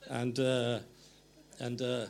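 A man's voice: mid-range voice, completely flat delivery, slow, creaky, darkish tone. A middle-aged man, an author guest, telling anecdotes in a meandering way, often stopping to correct himself. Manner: meandering, self-correcting storytelling. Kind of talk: anecdotal conversation.

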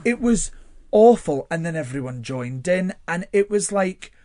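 Expressive guest, dry studio sound. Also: male voice, high-pitched, unhurried, dry recording. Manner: expressive storyteller with frequent fillers and laughs. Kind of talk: candid personal interview. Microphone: studio microphone.

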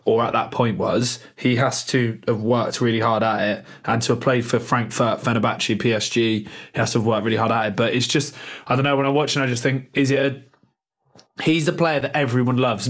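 A man's voice: medium pitch, a bit bright. A man co-hosting a football podcast in casual chat, rambling, laughing often and swearing freely. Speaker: podcast co-host.

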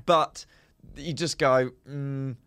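A man's voice: mid-range voice, animated, normal speed, a bit bright, no room sound. A young adult man, co-hosting a casual podcast chat, rambling through ideas with restarts. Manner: rambling, restarts, mock film-critic musings. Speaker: podcast co-host.

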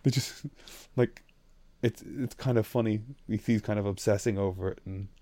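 A man co-hosting a podcast in casual chat, animated and sweary as he rants. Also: fairly low pitch, moderate pace, no room sound. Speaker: podcast co-host.

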